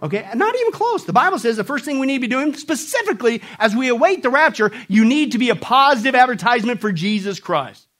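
A man preaching a sermon, animated and playful, acting out jokes and mocking voices and calling on the congregation to answer back. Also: very high-pitched, quick pace, few pauses. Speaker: pastor.

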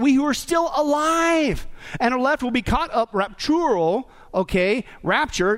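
A man preaching a sermon in an animated way, rising to shouts at the climaxes. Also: extremely high pitch. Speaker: pastor.

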